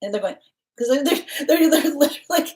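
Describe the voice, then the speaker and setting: A woman doing a live tarot reading speaks quickly in a high, animated, slightly mellow voice. She strings together rambling run-ons full of fillers and false starts, playing out what others might say.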